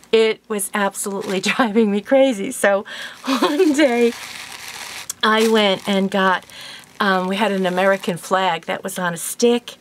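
Woman in her sixties, chatty, rambling, laughs a lot, mid-pitched, casual vlog storytelling. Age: 60s. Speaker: vlogger. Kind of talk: casual storytelling and gift unboxing.

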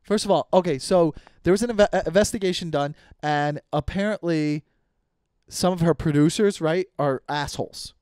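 A man's voice: fairly high pitch, normal speed, darkish tone, clear, resonant tone, no echo, clean studio sound. Profane rambling male podcast host. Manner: profane, rambling with many restarts. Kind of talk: casual comedic rant.

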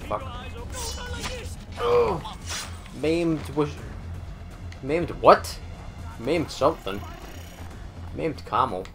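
A man giving live gameplay commentary, excitable and swearing a lot, talking at the enemies on screen. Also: on the high side, drawn-out words, vocal fry, pauses often, soft background music. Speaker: gamer doing a let's play.

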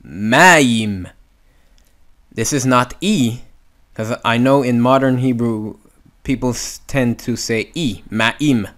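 A man teaching Hebrew reading in a video lesson, sounding out syllables and often checking in with "okay?". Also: mid-range voice. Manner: patient, repetitive, checks in with "okay?".

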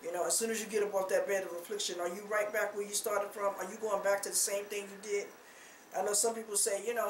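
A woman's voice: medium pitch, little pitch movement, quick pace. Woman preaching from a distant, echoey mic. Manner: conversational, many rhetorical questions, frequent "you know". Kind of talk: informal spoken sermon. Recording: roomy echo, distant mic, faint noise.

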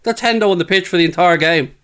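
A young man reacting to football highlights, heated and swearing freely. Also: quick pace, fairly bright tone, clean tone. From England. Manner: heated, swearing, frequent outbursts. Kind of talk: casual match reaction commentary.

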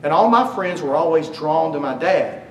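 At a memorial service, a middle-aged man with a fairly high, expressive voice remembers his father at a moderate pace through funny stories, joking with the mourners. The recording is distant and echoey with a faint hum.

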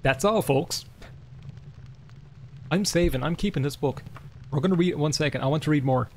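A man streaming a game live, swearing, laughing and reading in-game books aloud with excitement. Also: fairly high pitch, moderate pace, a little hiss or hum. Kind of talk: live gameplay commentary.

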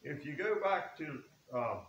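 A man's voice: fairly high pitch, sing-song, measured pace, fairly bright tone. A man preaching a sermon in a church, folksy and earnest, reading scripture aloud. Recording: echoey room with faint hiss.

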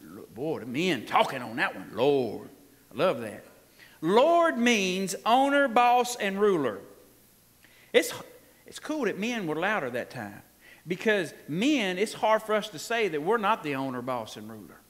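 A pastor's voice sits high and sing-song, fairly bright and at a measured pace, echoing with long reverb through the church sanctuary. His sermon is folksy and emphatic, full of laughter, with the congregation calling back in response.

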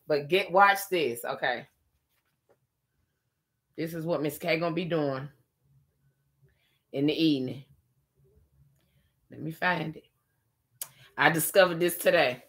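A woman's voice: low-pitched, unhurried, pauses often, a bit bright, breathy edge. A middle-aged woman, chatting casually and laughing often with viewers on a live stream while she is tired.

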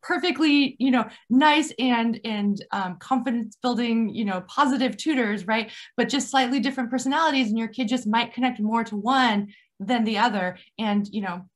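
Woman, podcast host, casual chat, higher voice, chatty, lots of fillers. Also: moderate pace, hardly any pauses. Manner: chatty, many "you know" fillers. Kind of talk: podcast conversation.

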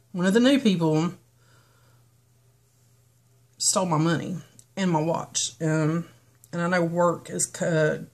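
Chatty Southern woman, lowish voice. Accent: Southern US, North Carolina foothills, toned down. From western North Carolina, US. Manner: chatty, rambling, frequent ums and restarts. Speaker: beauty vlogger. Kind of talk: casual get-ready-with-me chat.

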